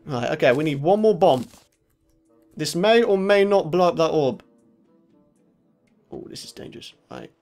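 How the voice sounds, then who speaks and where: A young man commentating his own gameplay, excitable, laughing often and shouting when in trouble. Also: fairly high pitch, normal speed, long pauses, faint music behind. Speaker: gaming channel host. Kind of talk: let's play commentary.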